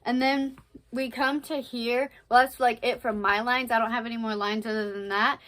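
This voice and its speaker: A woman's voice: a little high, little pitch movement, normal speed, fairly bright tone, low-quality recording. A woman vlogging casually at home, rambling with lots of fillers as she moves around and sometimes steps away from the camera. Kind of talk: casual vlog chat. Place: at home by a Christmas tree.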